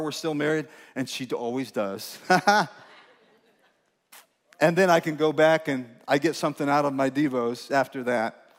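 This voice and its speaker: Male pastor, high voice, chatty preaching style with questions to the crowd and self-deprecating jokes, long church-hall reverb. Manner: conversational preaching with questions to the congregation and self-mocking humor. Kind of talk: sermon. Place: church sanctuary.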